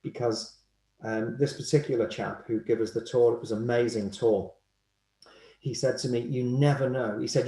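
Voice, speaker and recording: Man, animated anecdotal storyteller, roomy echoey sound. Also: medium pitch. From Liverpool, England. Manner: animated storyteller, acts out quoted voices. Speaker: guest, hypnotherapist.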